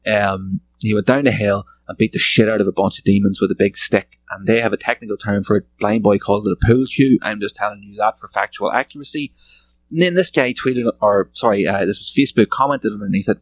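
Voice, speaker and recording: A man's voice: on the low side, fairly even intonation, a little fast, dry recording, rough recording. Sarcastic, foul-mouthed man. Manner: sarcastic, profane, mocking. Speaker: podcast host. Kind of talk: solo podcast rant.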